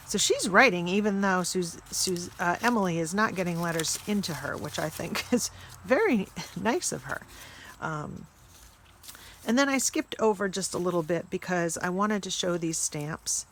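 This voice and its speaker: Woman vlog host, lowish voice, casual and chatty, reads letters aloud, faint room ambience. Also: expressive, moderate pace, fairly bright tone, a little hiss or hum. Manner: chatty, stops to puzzle over words. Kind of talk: casual chat, reading old letters aloud.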